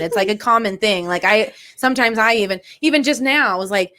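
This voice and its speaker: A woman in casual podcast chat, laid-back and slangy, dropping swear words and laughing easily. Her voice sits in a middle pitch. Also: fast, hardly any pauses, a bit bright. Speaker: podcast co-host.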